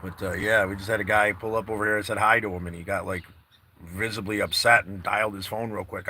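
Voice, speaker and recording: A man's voice: lowish voice, fairly even intonation, quick pace, pushed and bright, husky. A man vlogging live from his car outdoors, chatting casually and rambling to his viewers. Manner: rambling, laid-back, talks to viewers. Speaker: travel vlogger. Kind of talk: casual live-stream chat.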